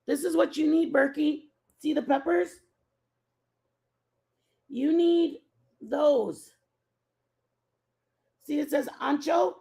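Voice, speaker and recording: A woman's voice: high-pitched, slow, vocal fry, long pauses, mellow. A woman hosting a casual live stream, rambling and chatting with her viewers and answering their messages by name.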